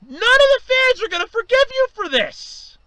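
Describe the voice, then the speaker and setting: High-pitched, strained, ranting man. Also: very animated, moderate pace, rough recording. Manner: heated, swearing, raises voice to yelling. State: voice strained from yelling. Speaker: vlogger. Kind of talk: angry ranting monologue.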